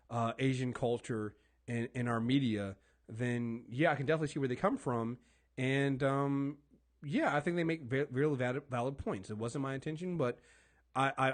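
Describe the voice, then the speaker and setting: A man co-hosting a podcast, ranting in casual chat, emphatic and swearing, often stumbling over repeated words. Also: on the high side. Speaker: podcast co-host. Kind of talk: heated casual podcast rant.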